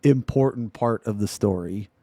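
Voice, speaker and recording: A young man streaming live, reacting loudly with blunt, profane jokes and laughter. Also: on the low side, moderate pace, no echo.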